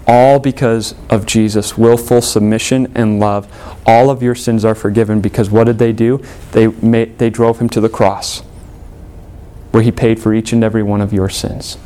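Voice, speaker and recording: Earnest male preacher delivering a sermon. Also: medium pitch. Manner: earnest, rising emphatically and dropping soft for quoted prayers. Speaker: pastor.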